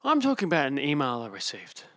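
A man's voice: medium pitch, wildly swooping pitch, fast, a bit bright, no echo. A man co-hosting a podcast in casual chat, rambling with stammering restarts and laughing easily. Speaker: podcast co-host.

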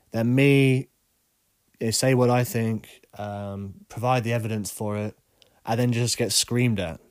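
A man hosting a solo podcast, talking in a monotonous, rambling way with many ums, his voice congested. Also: mid-range voice, no room sound, clean studio sound. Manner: rambling, frequent ums and uhs. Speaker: podcast host. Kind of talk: casual solo podcast monologue.

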